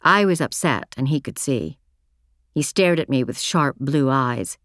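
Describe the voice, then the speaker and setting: Female audiobook narrator, low voice, measured reflective first-person read, dry booth sound. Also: expressive, fairly bright tone, dry recording.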